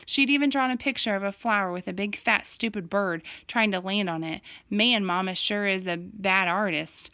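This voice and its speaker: A woman reading a first-person novel aloud in plain, steady storytelling. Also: medium pitch, moderate pace, hardly any pauses, smooth, dry recording. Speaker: audiobook reader.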